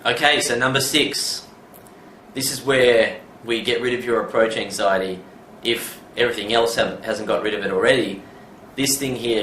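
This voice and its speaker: A man's voice: lowish voice, fairly bright tone. A middle-aged man, a dating coach talking through his advice in a loose, conversational way and saying "you know" a lot. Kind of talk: casual instructional monologue. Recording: roomy, distant mic, faint background noise.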